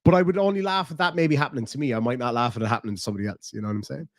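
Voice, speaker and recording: A man's voice: medium pitch, very fast, no echo, studio quality. Blunt, swearing Irish man. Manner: blunt, profane, laughs easily. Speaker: streamer host reading chat. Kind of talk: casual live-stream commentary.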